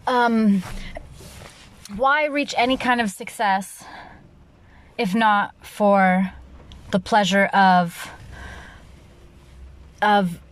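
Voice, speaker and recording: A young adult woman hosting her own podcast in a loud, rambling solo monologue, restarting sentences often and laughing at herself. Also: fairly high pitch, no room sound. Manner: loud, animated delivery. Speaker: podcast host.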